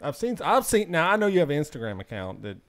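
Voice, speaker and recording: A man's voice: fairly high pitch, huge pitch swings, fast talker. A man hosting a podcast in casual chat, reacting briefly and passing on questions from chat. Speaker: podcast host.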